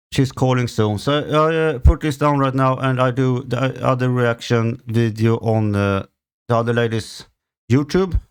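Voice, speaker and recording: Slow-talking frustrated Swedish man. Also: medium pitch, clear, resonant tone. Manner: halting, heavy swearing, many fillers. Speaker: channel host. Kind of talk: ranting solo podcast. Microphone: home recording setup.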